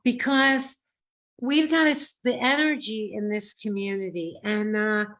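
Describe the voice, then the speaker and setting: Woman nurse giving upbeat, lively remarks on a video call, mid-pitched. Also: a little slow. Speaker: holistic nurse.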